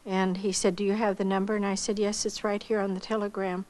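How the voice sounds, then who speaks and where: An older woman from the United States telling a personal testimony slowly and reflectively, acting out the voices of the people she quotes. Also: medium pitch, flat delivery, a little mellow, rough recording. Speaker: missionary giving testimony.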